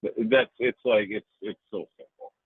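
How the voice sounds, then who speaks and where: Casual interview guest: husky, animated man, dry tinny phone-like sound. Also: lowish voice, normal speed, no room sound. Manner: animated, profane, rambling.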